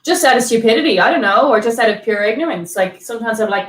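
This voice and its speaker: A woman's voice: on the high side, expressive, quick pace. Rambling young woman, roomy and distant. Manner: rambling, lots of fillers and swearing. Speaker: podcast co-host. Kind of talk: casual chat, storytelling.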